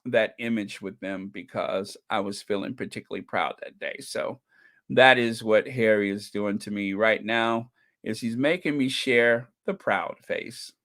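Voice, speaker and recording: A man's voice: fairly low pitch, unhurried, fairly bright tone. A man hosting a casual livestream, gushing with pride, repeating phrases and reading viewer comments aloud. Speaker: channel host.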